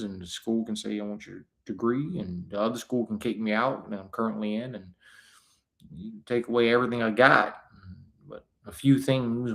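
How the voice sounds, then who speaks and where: Gravelly low-voiced man hosting. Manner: rambling, preachy, many fillers and restarts. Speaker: host. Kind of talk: casual live-stream talk.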